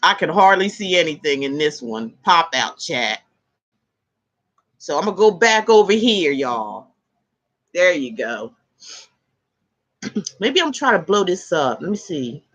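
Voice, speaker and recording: A woman's voice: on the low side, a little slow, pauses often, lo-fi sound. A woman hosting a casual tarot live stream, chatting with viewers, reading their comments aloud and laughing easily. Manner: laughs easily, animated exclamations.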